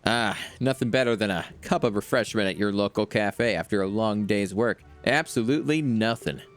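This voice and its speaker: A man voicing a relaxed, chatty male café patron from a video game in a leisurely, satisfied tone. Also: on the low side, moderate pace, faint music behind, lightly acted. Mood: content.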